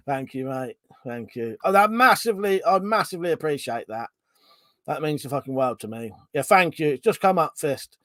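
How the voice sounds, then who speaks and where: Male streamer, casual and sweary, frequent laughter, slightly high pitch, close dry sound. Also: expressive, measured pace, a bit bright, no room sound. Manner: laughs often, swears freely, chatty. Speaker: livestream host. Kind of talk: casual chat, reading viewer comments aloud.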